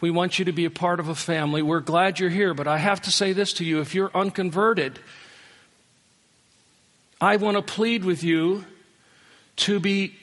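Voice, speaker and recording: Pleading preacher in a reverberant hall. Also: male voice, high-pitched, fairly even intonation, moderate pace, long pauses. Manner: pleading, rising to impassioned appeals then dropping soft. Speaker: pastor. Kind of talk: sermon. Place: church worship center. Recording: long reverb of a large hall.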